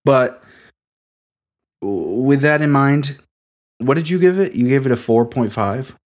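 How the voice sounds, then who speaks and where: A man co-hosting a casual beer review podcast, meandering through his opinions with wry, deadpan jokes. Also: mid-range voice, measured pace. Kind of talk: casual chat.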